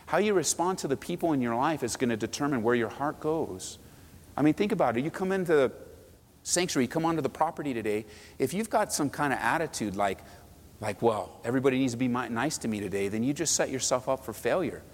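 Lively male pastor in a reverberant hall. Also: medium pitch, brisk. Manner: animated, acts out quoted voices, asks the crowd. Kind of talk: sermon. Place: church sanctuary.

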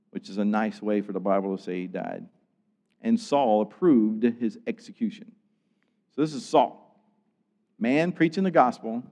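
A man preaching a sermon, acting out scenes and swinging from loud outbursts to hushed tones. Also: medium pitch, long reverb tail. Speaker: pastor.

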